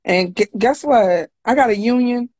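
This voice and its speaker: A woman's voice: on the high side, normal speed, a little mellow, dry recording. Woman co-host, blunt and joking, dry close mic. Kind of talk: casual chat.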